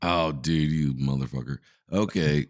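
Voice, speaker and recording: A man co-hosting a podcast in casual chat, excitable and swearing freely. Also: extremely low pitch, measured pace, dry recording, clean studio sound. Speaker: podcast co-host.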